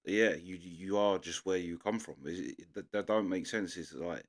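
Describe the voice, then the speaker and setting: A man's voice: sits low, normal speed. A young man with a London accent giving loose, rambling commentary as a reaction video host. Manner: rambling, loose, full of restarts and fillers. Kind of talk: casual commentary.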